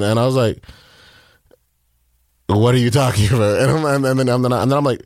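A man telling a personal story in an interview, halting and full of fillers and repeats. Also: fairly low pitch, a little mellow, no room sound, studio quality. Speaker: guest.

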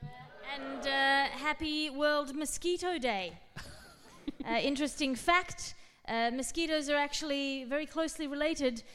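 A woman from Australia, a comedian guest on a comic podcast, telling absurd jokes in a deadpan way and laughing at her own lines. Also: sits high, normal speed, big-room sound.

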